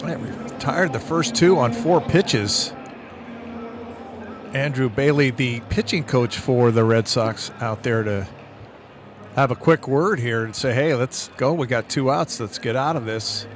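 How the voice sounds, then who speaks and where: A man's voice: mid-range voice, unhurried, slight background noise. A man who used to play, now the color analyst on a baseball radio broadcast, conversational and full of anecdotes. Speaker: color analyst, former player.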